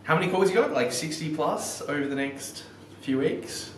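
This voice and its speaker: A male podcast host sits back from the mic, so his voice carries a roomy echo. He drops in quick, encouraging follow-ups. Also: on the high side, recorded from a distance, slight background noise. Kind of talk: casual interview.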